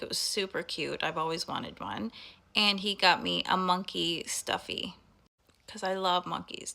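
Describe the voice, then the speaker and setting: A woman's voice: fairly low pitch, creaky, pushed and bright. A young adult woman talking through a heartfelt personal monologue, chatty and full of fillers. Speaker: vlogger.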